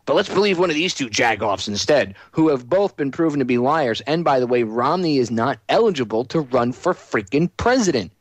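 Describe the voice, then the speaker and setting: A man's voice: mid-range voice, expressive, brisk, hardly any pauses, dry recording. A man hosting a talk radio show, delivering a heated, sarcastic monologue.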